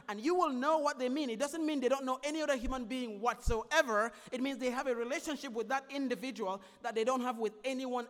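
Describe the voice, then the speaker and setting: A high-pitched man delivers a sermon as pastor. He stresses his points through repetition and shifts between loud declarations and softer explanation. The recording carries a long hall reverb. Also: quick pace, few pauses. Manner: emphatic, repetitive preaching with swings between loud and soft.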